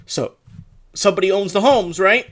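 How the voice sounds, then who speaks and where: A man's voice: high-pitched, normal speed, a bit bright. Rambling male livestream host. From Canada. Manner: rambling, reads viewer emails aloud, many restarts. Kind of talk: casual livestream commentary.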